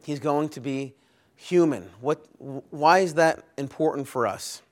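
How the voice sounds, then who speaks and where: A man's voice: on the high side, unhurried. A man preaching a Sunday sermon, earnest and emphatic, building his points through long lists with rising force. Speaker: pastor. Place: church.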